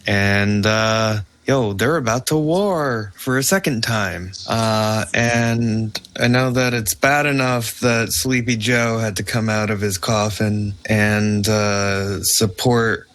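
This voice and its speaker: A man's voice: lowish voice, steady tone, slow, few pauses, a bit bright. A man co-hosting a podcast in casual chat, telling winding stories with laughs. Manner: rambling, laughing storyteller. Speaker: podcast co-host.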